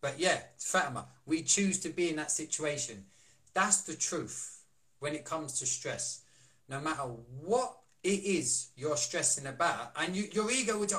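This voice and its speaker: A man's voice: a little high, very animated, normal speed, sharp tone. A man coaching and chatting on a live stream, asking rhetorical questions and reading out viewer comments. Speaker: wellness coach and co-host. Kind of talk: casual live-stream talk.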